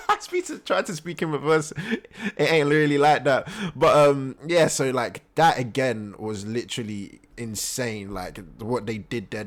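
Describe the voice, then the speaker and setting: A young man hosting an anime reaction channel, recapping an episode in casual, slangy talk full of fillers, and his voice jumps high when he gets hyped.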